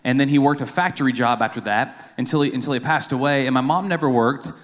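Speaking at a quick pace in a mid-range voice, a man who works as a church accountant delivers a casual lay sermon full of jokes and stories. His self-deprecating, informal talk is packed with fillers, asides, and restarts, and the church sanctuary adds a long hall reverb.

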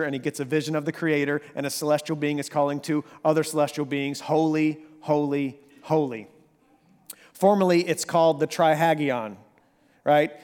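A man preaching a sermon, swinging from hushed, slow passages to animated, emphatic bursts. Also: on the high side. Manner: dynamic preaching, drops to near whisper then rises to animated emphasis. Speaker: pastor. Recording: long hall reverb.

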